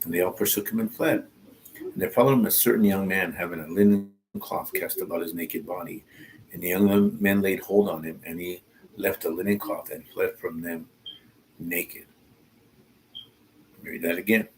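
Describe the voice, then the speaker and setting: A Bible teacher reads a passage aloud slowly, often stopping to add informal comments and asides of his own. His voice is low-pitched with fairly even intonation, and the recording quality is low.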